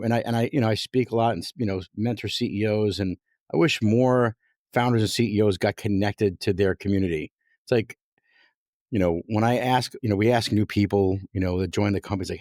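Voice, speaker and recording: A man's voice: fairly low pitch, a little mellow, dry recording, studio quality. A man who founded a company, a guest on a podcast, talking in a passionate, rambling way with many restarts. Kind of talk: casual interview chat.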